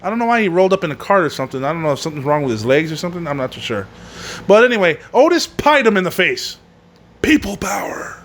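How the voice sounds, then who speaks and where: A man with a fairly high voice hosting a casual wrestling recap. He rambles loosely and swears freely. He often laughs at his own jokes. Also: sing-song, fast, a bit bright, slight background noise. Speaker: podcast host.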